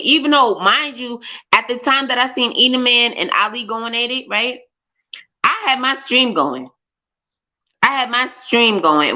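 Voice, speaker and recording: A woman, hosting a livestream and talking animatedly, with lots of swearing and exclamations. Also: medium pitch. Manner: animated and profane, loud exclamations, laughs. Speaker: livestream host. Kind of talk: casual streamer chat. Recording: dull lo-fi stream audio.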